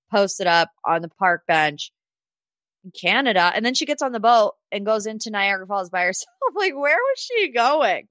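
A woman's voice: fairly high pitch, a bit bright, no room sound. Sassy woman dishing reality TV gossip. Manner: sassy and gossipy, talks straight to people she discusses; chatty, with frequent "like" and laughs. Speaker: podcast host. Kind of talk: casual reality TV recap.

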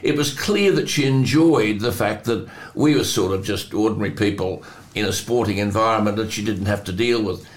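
A man's voice: fairly low pitch, fairly quick, few pauses, roomy sound. An older man, hosting and telling anecdotes in a chatty way, chuckling often. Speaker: host. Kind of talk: conversational storytelling.

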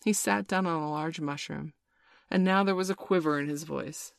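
A woman with a low voice narrates a storybook in a measured, expressive way. The recording is close and dry, with no room sound. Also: vocal fry, smooth, dry recording.

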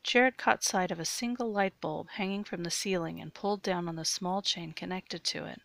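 A woman narrating an erotic audio story in a steady, measured way. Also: on the low side, creaky, dry recording.

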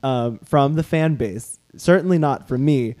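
A man's voice: mid-range voice, a little slow, warm tone. A man co-hosting a podcast, playful and jokey in casual chat. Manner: playful, jokey, laughs often. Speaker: podcast co-host.

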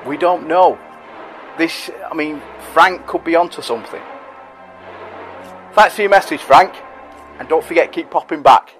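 Chatty man, higher voice. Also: unhurried, long pauses, a bit bright, soft background music. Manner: chatty, rambling, self-deprecating. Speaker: podcast host reading listener messages. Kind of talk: casual monologue.

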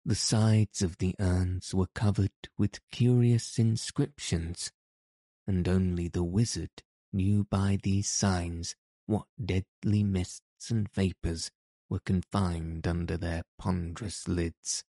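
A man narrating a fairy tale in a slow, even, measured manner. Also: deep voice, no echo, clean studio sound. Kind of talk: scripted storybook narration.

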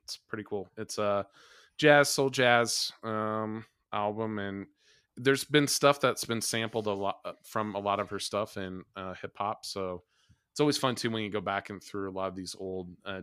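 A man's voice: on the low side, fairly even intonation, moderate pace, fairly bright tone, smooth, dry recording, studio quality. A man co-hosting a podcast in casual chat, hesitant with many restarts. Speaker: podcast co-host.

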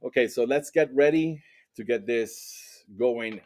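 A man hosting a spirit board session, speaking slowly and deliberately with frequent fillers. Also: mid-range voice, a little mellow. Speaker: session host.

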